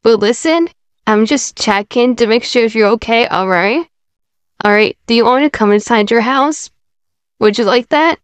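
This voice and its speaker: A woman playing a kind young female friend who gently reassures someone in a casual fan roleplay. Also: fairly high pitch, moderate pace, smooth, no room sound, natural voice. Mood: reassuring.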